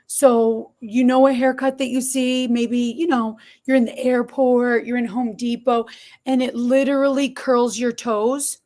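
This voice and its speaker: Woman, high voice, middle-aged, animated storyteller, podcast guest. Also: a little slow. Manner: animated, expressive storytelling with quoted dialogue. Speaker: podcast guest, barber shop owner. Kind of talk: storytelling interview.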